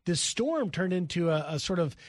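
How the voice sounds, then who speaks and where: A man, a news correspondent, telling a brisk, lively anecdote as a guest on talk radio. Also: sits high, no room sound, studio quality. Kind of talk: animated radio storytelling. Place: radio studio.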